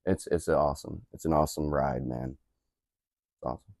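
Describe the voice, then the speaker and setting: A man's voice: extremely low pitch, normal speed, gravelly, a little mellow, dry recording, studio quality. A man guesting on a casual interview, talking in a laid-back, rambling way full of fillers and restarts. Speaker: guest musician.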